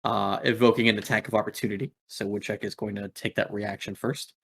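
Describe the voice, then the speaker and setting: A man's voice: lowish voice, flat delivery, fairly quick, creaky, a bit bright, slightly rough. A man narrating as game master in a laid-back way, with many filler words.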